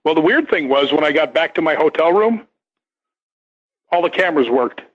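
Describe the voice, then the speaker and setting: A man's voice: fairly high pitch, expressive, moderate pace. An older man, a guest on a radio talk show, telling a long story in a rambling way with many restarts and repeated words. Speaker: guest, stunt performer. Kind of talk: casual radio interview storytelling. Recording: dull lo-fi radio sound.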